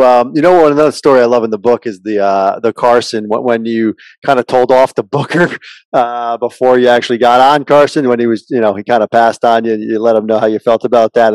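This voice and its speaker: A man's voice: mid-range voice, steady tone, fairly quick, a little mellow, dry recording. Hesitant male podcast host. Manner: rambling, hesitant questions. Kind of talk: interview question.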